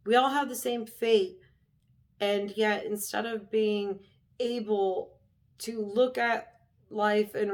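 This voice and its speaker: A young woman talks straight to her viewers in a heated, unfiltered rant. She is blunt and swears freely, with a mid-range voice in a casual vlog style. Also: medium pitch. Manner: blunt, profane, heated ranting. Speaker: vlogger.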